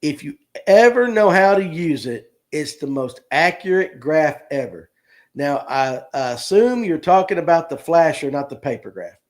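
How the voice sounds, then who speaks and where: This fishing livestream host from North Georgia, US sounds animated, with a somewhat high voice at a moderate pace. He keeps the stream casual and folksy, cracking jokes, reading out comments and greeting viewers by name.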